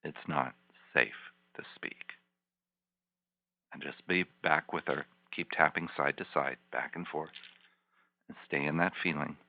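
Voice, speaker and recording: A man, a healing practitioner, leading a volunteer through slow guided imagery with soft, repetitive, soothing coaching. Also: extremely low pitch, fairly even intonation, creaky, no room sound. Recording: dull lo-fi teleconference line.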